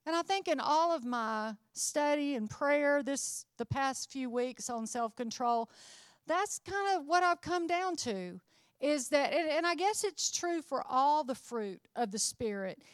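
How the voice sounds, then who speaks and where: A woman's voice: sits high, expressive, measured pace, dry recording, clean studio sound. A middle-aged woman preaching a sermon, earnest and emphatic, building her phrases up to rises.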